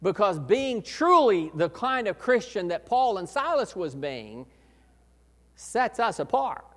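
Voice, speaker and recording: A man preaching a sermon as pastor, earnest, swelling to loud emphasis and dropping low again. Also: very animated, takes it slowly. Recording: echoey hall reverb.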